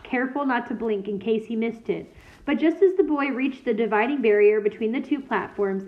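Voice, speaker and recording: A woman reading a children's novel aloud in a steady, clear storytelling manner. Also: on the high side. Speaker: reader. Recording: tinny phone-like sound.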